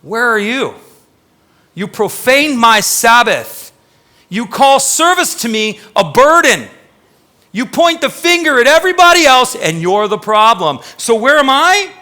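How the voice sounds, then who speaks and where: A man's voice: extremely high pitch, very animated, measured pace, voice pushed up, full character voice. A man voicing God as a stern male figure who rebukes his people with accusing questions during a sermon. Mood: rebuking. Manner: forceful, accusing rhetorical questions.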